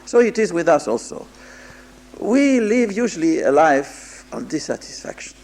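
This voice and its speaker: A man preaching a moral talk in a high, gravelly voice that swings widely up and down. He speaks haltingly, repeats words, and keeps checking whether his listeners understand. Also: very animated, a little mellow. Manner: halting, repeats words, mixes Hebrew terms into English, asks listeners "understand?". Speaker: rabbi giving a Musar talk. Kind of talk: sermon.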